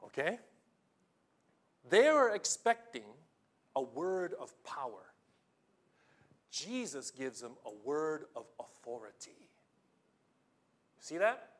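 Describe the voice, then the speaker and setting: A male pastor preaching a sermon, telling the story with animated swings between loud exclamations and hushed tones, often filling with "you know". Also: fairly high pitch, drawn-out words, pauses often. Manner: fills with "you know" and restarts.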